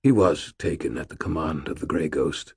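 A man's voice: a bass voice, moderate pace, creaky, darkish tone, husky, no echo, studio quality, exaggerated voice. A man reading the part of a dying old male ghost warrior, weak and fading, with formal, archaic speech. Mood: weak, gentle.

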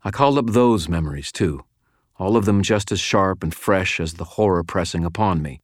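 A man with a very low, deep voice reads first-person fiction in a measured, steady way. The sound is dry and close, with no room around it. His delivery stays even and deliberate as he tells the story. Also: dry recording. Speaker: audiobook narrator.

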